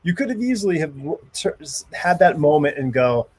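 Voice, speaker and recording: A man hosting a podcast, asking casual questions in a halting way with many restarts. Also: fairly high pitch, sing-song, darkish tone, slightly rough. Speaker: podcast host.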